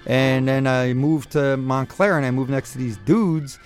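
A man hosts a call-in radio advice show, offering friendly guidance in a rambling way and correcting himself as he goes. His mid-range voice moves at a measured pace, with faint music in the background.

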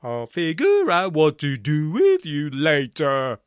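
A man voicing a pompous, sinister man with a booming, theatrical, drawn-out voice. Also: huge pitch swings, clean tone, no echo, clean studio sound, heavily acted. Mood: menacing.

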